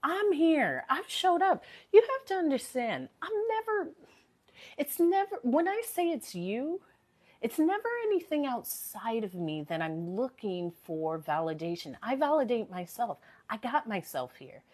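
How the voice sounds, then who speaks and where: Earnest motivational woman, slightly high voice. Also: big pitch swings, a little slow, mellow. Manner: earnest, motivational, repeats phrases for emphasis. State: recovering from a sore voice. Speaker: live-stream host. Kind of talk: casual live-stream chat.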